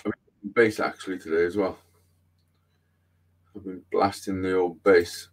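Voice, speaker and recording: A man's voice: deep voice, level tone, unhurried. Sweary, rambling man on a livestream. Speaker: livestream host. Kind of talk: casual chat.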